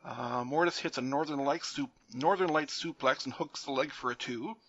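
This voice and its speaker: A man's voice: mid-range voice, normal speed, fairly bright tone, no echo, dull audio. A man co-hosting a podcast, recapping a match in a joking, laugh-filled way. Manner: jokey play-by-play recapping, laughs often. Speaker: podcast co-host. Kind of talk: casual wrestling recap chat.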